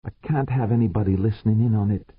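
A man's voice: fairly low pitch, fast talker, husky, no echo, pitched above the performer's own voice. A man narrating an audiobook voices a huge, hot-tempered man who snarls his demands. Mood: snarling. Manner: snarling, blunt. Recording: narrow phone-like sound, dry.

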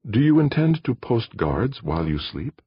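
A man voicing a calm, courteous male alien host who speaks in a polite, measured way. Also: medium pitch, breathy edge, no echo, muffled recording, pitched above the performer's own voice.

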